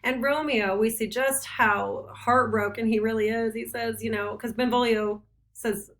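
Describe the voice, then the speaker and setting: A middle-aged woman teacher casually retelling a play scene for her students, briefly putting on quick voices for the characters. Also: a little high, steady tone, a bit bright. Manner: chatty, paraphrases characters in quick put-on voices.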